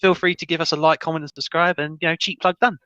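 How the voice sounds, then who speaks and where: A man's voice: a little high, steady tone, fast talker, pushed and bright, dull audio, slight background noise. A man joining a film podcast as a guest, talking loosely and laughing a lot as he goes. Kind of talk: casual podcast chat.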